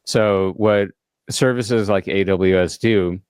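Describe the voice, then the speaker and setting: Low-voiced man, chatty. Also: steady tone, slow pace, darkish tone, smooth, dry recording, clean studio sound. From South Africa. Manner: rambling, laughs often. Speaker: podcast co-host. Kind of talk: casual chat. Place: podcast studio.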